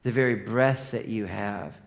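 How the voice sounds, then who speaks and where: A man preaching a sermon as pastor, telling stories and swinging from hushed lines to loud, excited ones. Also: fairly low pitch, a little slow. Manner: storytelling, animated.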